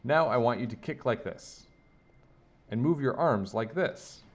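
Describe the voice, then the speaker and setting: A man's voice: mid-range voice, expressive, a little slow, lo-fi sound, pitched above the performer's own voice. A man doing a patient, encouraging swim teacher.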